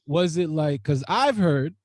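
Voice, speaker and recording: High-voiced man in casual podcast banter. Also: expressive, measured pace, darkish tone, dry recording, studio quality. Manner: profane, laughing, loose slang. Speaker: podcast host.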